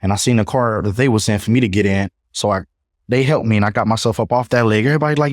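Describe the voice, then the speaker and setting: A young man, a podcast guest, telling his own story in a casual, animated way and acting out what others said. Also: fairly low pitch, quick pace, dry recording, studio quality. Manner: animated retelling, acts out others' voices.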